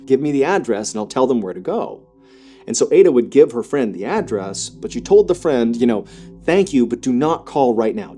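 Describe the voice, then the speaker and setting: A man narrating a true horror story in a conversational way, with frequent filler words and a voice that rises sharply in tense moments. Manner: quick, conversational, frequent filler "you know"; climbs high and loud in tense action. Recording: faint music behind.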